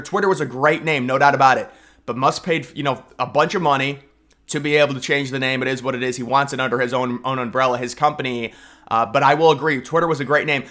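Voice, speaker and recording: A man's voice: medium pitch, bright, forceful tone. A young man giving casual political commentary in a mocking, sarcastic way, often restarting his sentences.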